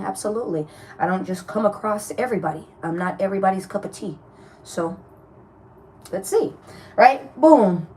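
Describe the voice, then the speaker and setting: Blunt, chatty woman with a mellow voice. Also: mid-range voice, slight background noise. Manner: chatty, blunt, animated, laughs often, swears freely. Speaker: tarot reader. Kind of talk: casual spoken tarot reading to viewers.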